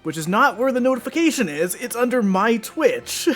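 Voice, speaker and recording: A chatty man with a high voice that swings around a lot, talking through a minor annoyance during a game stream. Faint music plays in the background. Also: big pitch swings, moderate pace, fairly bright tone. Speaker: streamer guest. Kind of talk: casual chat while gaming.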